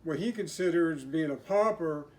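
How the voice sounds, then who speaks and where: An older man co-hosting a podcast, giving measured, opinionated takes on comic books. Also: fairly high pitch, darkish tone. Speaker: podcast co-host. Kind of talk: casual comic book review chat.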